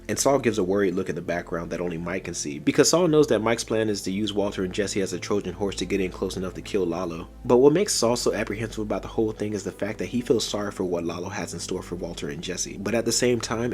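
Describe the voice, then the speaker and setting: A man casually narrating a fan story in a rapid retelling manner. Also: deep voice, darkish tone.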